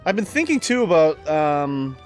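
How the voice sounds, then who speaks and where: A man's voice: fairly high pitch, sing-song, moderate pace, soft background music. A Canadian man with a Canadian accent chatting casually while streaming a game, joking and dropping profane asides.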